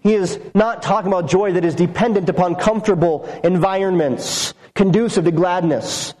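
A man's voice: high voice, normal speed, darkish tone, in a large hall, low-quality recording. A man preaching a sermon, earnest and emphatic, building points through repeated phrases. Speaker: pastor.

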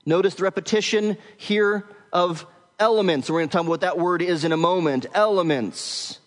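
High-voiced male pastor in a reverberant hall. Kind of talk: expository sermon.

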